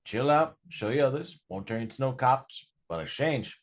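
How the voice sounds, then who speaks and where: A man doing a brash male werewolf street tough with a Southern drawl, his voice pitched up from his low natural range and swinging widely as he cusses and barks orders. He sounds rough but oddly fatherly, and the drawl stays thick. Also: animated, a little fast, close to an everyday voice. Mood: excited. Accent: Southern American drawl, put on. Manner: swearing, rough, fatherly talk. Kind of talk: tabletop role-play voicing.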